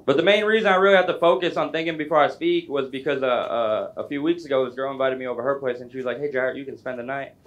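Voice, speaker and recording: Fast-talking young male stand-up comic. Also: medium pitch. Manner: chatty, self-deprecating, quick asides to the crowd. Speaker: stand-up comedian. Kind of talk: stand-up comedy set. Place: music club stage.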